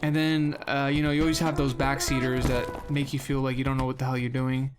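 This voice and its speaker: A young man streaming a game, chatting casually and rambling, with sudden loud yelps while he plays. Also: medium pitch, flat delivery, a little fast. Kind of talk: casual gameplay commentary. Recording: game music playing behind.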